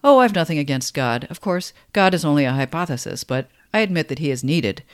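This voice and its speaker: A man voicing a pompous, clever thirteen-year-old boy, speaking eagerly and a little loud, in a book reading. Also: on the high side, a little fast, dry recording, studio quality, lightly acted. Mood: showing off.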